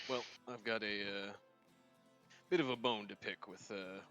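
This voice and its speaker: A weary, drawling father figure, voiced by a man over an online tabletop session. He hesitates and fills his lines with "well" and "uh", low in pitch, with faint music behind. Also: fairly even intonation, unhurried, a bit bright. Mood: earnest. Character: weary grizzled male priest-like father, drawling. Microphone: voice chat microphone.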